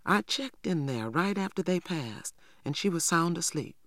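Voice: medium pitch, lively intonation, normal speed, fairly bright tone, no echo, voice pushed up, lightly acted. A reader voicing an elderly, protective grandmother who speaks in a folksy rural dialect, recorded dry. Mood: worried. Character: old grandmother, worried and protective. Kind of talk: audiobook character voice.

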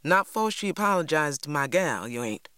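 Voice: medium pitch, expressive, normal speed, pushed and bright, no echo, studio quality. A reader voicing a bearded man, bullying and demanding, with a drawl. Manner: gruff, demanding. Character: angry bearded white Southern man, bullying father.

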